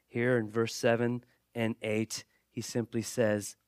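A pastor delivering a sermon in a conversational way, with joking asides and repeated, restarted phrases. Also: male voice, medium pitch, level tone, takes it slowly, clean tone, no echo, clean studio sound.

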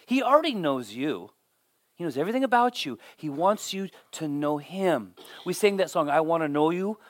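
A man giving a sermon as pastor, telling stories with lively swings and dropping almost to a whisper for emphasis, often repeating words as he starts a sentence. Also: a little high, normal speed. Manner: animated storytelling, drops to near whisper for emphasis.

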